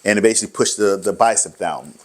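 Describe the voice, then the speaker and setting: A man's voice: lowish voice, quick pace. A middle-aged man, a rehab clinic director, chatting as an interview guest, telling rambling stories, laughing often and acting out quoted dialogue. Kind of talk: casual interview storytelling.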